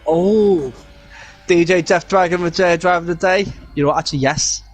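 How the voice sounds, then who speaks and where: Host, male, slightly higher voice, relaxed halting race-league commentary. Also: faint music behind. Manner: chatty, halting, full of fillers. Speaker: co-commentator of a sim racing league. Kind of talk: casual live race commentary.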